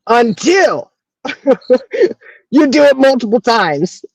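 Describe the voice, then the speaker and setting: A woman's voice: mid-range voice, lively intonation, normal speed, no room sound. A woman trades stories in easy, casual chat. She laughs often and acts out her own lines with sass. The sound is dry and slightly muffled. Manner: laughs often, quotes herself with attitude. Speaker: co-host.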